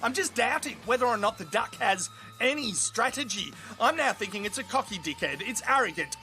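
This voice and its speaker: Excitable Australian man doing mock commentary. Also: high-pitched, fairly quick. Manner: excitable, crude, shouts at big moments. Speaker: comedy fight commentator.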